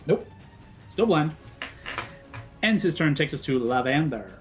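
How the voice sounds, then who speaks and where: Male game master, dramatic narration mixed with rules calls, soft music bed. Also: fairly high pitch, animated. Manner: slow dramatic narration broken by rules talk. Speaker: dungeon master.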